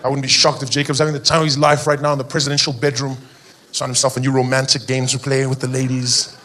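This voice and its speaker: A man's voice: mid-range voice, flat delivery, fast, bright, forceful tone, slight background noise. A man from South Africa with a South African accent, performing a stand-up comedy routine and acting out characters in funny voices. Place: comedy stage before a live audience.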